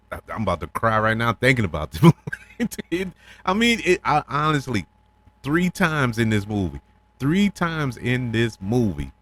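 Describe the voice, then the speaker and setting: Excited man with a low voice reviewing a film. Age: middle-aged. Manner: enthusiastic, repeats himself, animated with laughs. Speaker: podcast host and film reviewer. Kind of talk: casual spoken film review.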